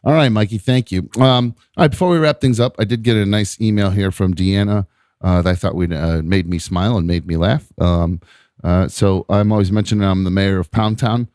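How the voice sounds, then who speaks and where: A man's voice: low-pitched, fairly quick, a little mellow, dry recording, clean studio sound. Rambling, joking male podcast host. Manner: rambling and joking, with many fillers. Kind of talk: casual podcast chat.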